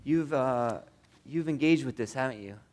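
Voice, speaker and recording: A man preaching a sermon as pastor, earnest, moving between strong emphasis and hushed tender passages. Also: medium pitch, normal speed, a little hiss or hum. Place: church.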